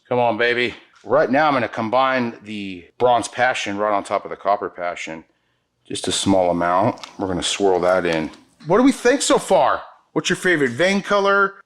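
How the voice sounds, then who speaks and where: A man teaching an epoxy pour as the show's host. He talks to viewers in an enthusiastic, slangy way while he works. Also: mid-range voice. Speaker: epoxy countertop instructor. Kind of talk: hands-on product demonstration.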